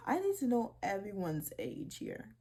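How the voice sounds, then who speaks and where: A young woman hosting a casual vlog, reading posts aloud and reacting with animated disbelief and swearing. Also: medium pitch, measured pace, background noise. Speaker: video creator.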